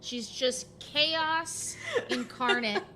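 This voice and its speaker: A woman's voice: sits high, extremely slow, bright, forceful tone, slight background noise. A woman playing a tabletop role-playing game, chatty and giggly, describing her cat character's actions. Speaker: player. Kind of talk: casual tabletop play.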